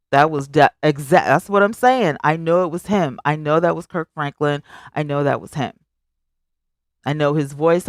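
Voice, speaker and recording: A woman's voice: no room sound, clean studio sound. A woman hosting a live stream, chatting casually and emphatically with her viewers and reading their comments aloud. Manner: animated, emphatic, swings high on exclamations; chatty, talks straight to viewers.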